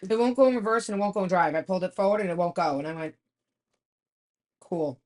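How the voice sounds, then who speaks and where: A woman with a lowish voice, chatting casually as a co-host. She is blunt and matter-of-fact and swears now and then. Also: fast, darkish tone. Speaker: podcast co-host. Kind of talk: casual chat.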